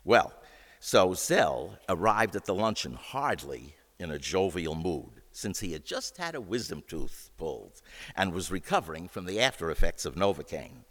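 A man telling a wry, expressive anecdote about his years in the record business. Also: low-pitched, normal speed, big-room sound. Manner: wry, expressive, acts out dialogue. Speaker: storyteller recalling his record-industry career. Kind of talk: anecdotal storytelling.

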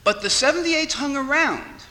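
A middle-aged man, reminiscing in an unhurried lecture and pausing on frequent "uh" fillers. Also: very high voice, expressive, bright, forceful tone. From New York. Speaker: speaker on record collecting. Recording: long hall reverb.

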